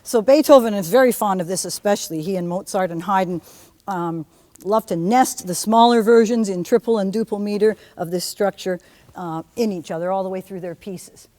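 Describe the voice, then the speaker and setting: A woman teaching a music theory lecture to a class in a lively way, often humming or singing examples. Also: mid-range voice, normal speed, big-room sound. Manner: lively, hums and sings examples. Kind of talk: university lecture.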